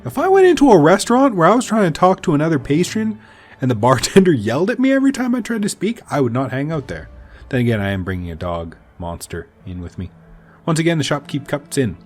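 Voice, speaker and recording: Animated, jokey male game streamer. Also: on the high side, fast. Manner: jokey, animated, rambling asides. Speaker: let's play host. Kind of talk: game commentary.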